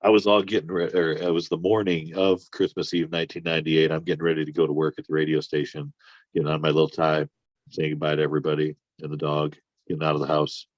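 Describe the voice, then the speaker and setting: A man's voice: very deep voice, fast talker, dry recording, dull audio. A man telling a rambling, profane personal story in a casual chat. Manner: rambling, profane, animated when riled. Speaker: podcast guest.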